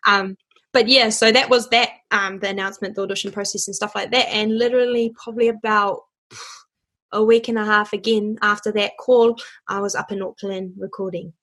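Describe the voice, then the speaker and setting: A woman's voice: mid-range voice, fairly even intonation, fairly quick, fairly bright tone. A young woman from New Zealand in a casual interview, chatty and bubbly, laughing often as she tells her story. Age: young adult. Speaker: interview guest, voice actor and singer.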